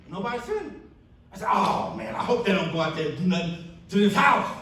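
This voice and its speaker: A keynote speaker gives a testimony speech at a church banquet, his high-pitched voice brisk and picked up by a distant mic in the echoey hall. He tells stories and acts out quoted friends in animated bursts.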